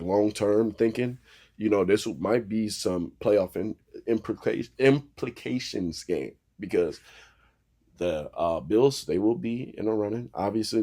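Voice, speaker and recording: A young man with a low, deep voice and a warm, mellow tone talks football picks. He is casual and profane, swears freely, and trash-talks the teams as he goes. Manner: profane, animated, trash-talking. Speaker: sports talk host. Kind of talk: casual sports talk.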